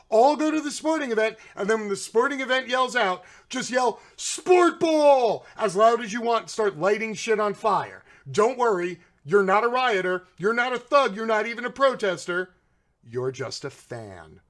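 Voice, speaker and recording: A man's voice: very high voice, a bit bright. A man hosting political commentary, ranting in a sarcastic, mocking way and swearing freely.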